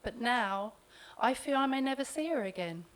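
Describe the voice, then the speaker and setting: Woman reading a gentle poem aloud. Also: fairly high pitch, animated, normal speed, rough recording. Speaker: poet. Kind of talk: poetry reading at a live event.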